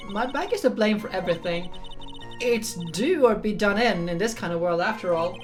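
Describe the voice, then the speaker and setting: A woman's voice: medium pitch, animated, moderate pace, soft background music, natural voice. A woman voicing a chatty older nun with a bad back, reading game dialogue in a hearty, exaggerated manner.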